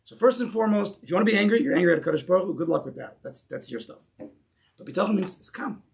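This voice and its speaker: A man with a high, fast, gravelly voice and darkish tone teaches a Torah class in English sprinkled with Hebrew terms. He speaks emphatically, repeating key phrases as he builds toward his point.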